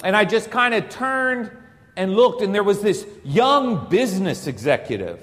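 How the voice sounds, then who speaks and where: Man, Catholic priest, sermon; high-pitched, rhetorical, humorous, church-hall echo. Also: very animated, unhurried, fairly bright tone. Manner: emphatic, rhetorical, joking.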